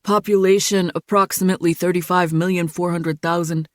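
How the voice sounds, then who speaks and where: Lady doing a monotone guy rattling off facts, same lines over and over. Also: fairly low pitch, fairly quick, no echo, clean studio sound, natural voice. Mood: flat. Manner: flat, repetitive, patient. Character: literal-minded young man reciting facts.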